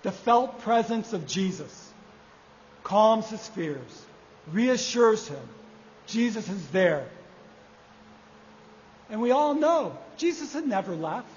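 High-voiced man preaching in an echoey hall. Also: a little hiss or hum. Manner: measured, repeating key phrases for emphasis. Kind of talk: sermon. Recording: echoey hall, dull lo-fi sound.

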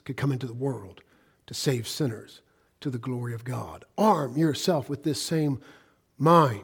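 A middle-aged American man preaching a sermon, swinging between loud emphasis and hushed, quiet passages. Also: medium pitch, measured pace, husky. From United States. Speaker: pastor.

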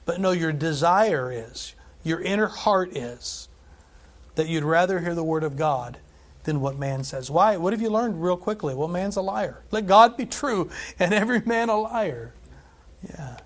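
A man preaching a sermon as pastor, reading scripture with emphasis and breaking off into quick asides and stories. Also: high voice. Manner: animated preaching, scripture read aloud with emphasis, asides and laughs.

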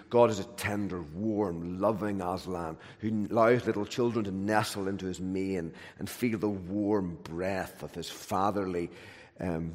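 A man preaching a sermon with emphatic, repeated phrases, swinging between loud declarations and hushed, gentle lines. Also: on the low side, normal speed. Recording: long hall reverb.

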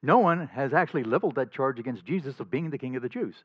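Animated male pastor preaching, dull dry sound. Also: medium pitch, fast, no echo. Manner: animated, emphatic, chuckles often. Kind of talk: sermon. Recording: slightly dull dry recording.

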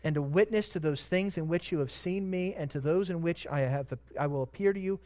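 A man with a high, light voice preaching a sermon. He moves from soft, measured reflection to sudden loud, ringing emphasis on key words. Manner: dynamic preaching, swelling to loud emphatic peaks. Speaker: pastor.

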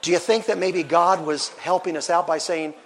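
A pastor in his sixties, a man preaching a sermon in church, animated and acting out the voices he quotes. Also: fairly high pitch, normal speed, a little hiss or hum.

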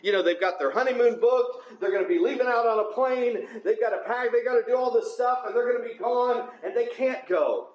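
A man's voice: very high-pitched, a little fast, few pauses, echoey room, lo-fi sound. A man preaching a sermon in a conversational way, often checking in with his listeners. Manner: conversational, often asks the congregation "right?".

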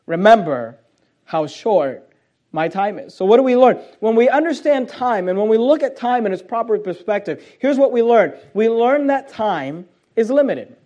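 A man with a high-pitched voice preaches a sermon. He stretches out scripture quotes and leans hard on key words, and he poses rhetorical questions to the congregation. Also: expressive, warm tone, lo-fi sound. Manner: emphatic preaching, drawn-out scripture quotes, fillers like uh. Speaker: pastor.

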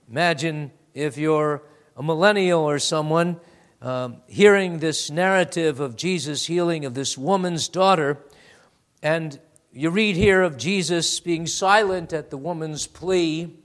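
A man preaching a sermon, reading scripture aloud with slow, stressed phrasing and calling his listeners beloved. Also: a little high. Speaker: pastor.

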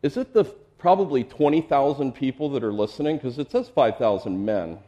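A man's voice: mid-range voice, animated, fairly quick, mellow, highs cut off. A man preaching an expository sermon as pastor, in a conversational way with chuckling asides and repeated words as he thinks.

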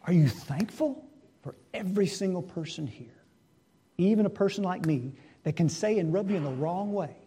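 A male preacher with a notably high-pitched voice delivers a sermon. He poses rhetorical questions and swings from hushed, quiet stretches to loud, emphatic ones. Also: lively intonation, moderate pace, husky.

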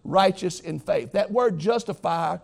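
A man's voice: high-pitched, measured pace, creaky. A man preaching a sermon as pastor, earnest and emphatic, talking straight to his listeners.

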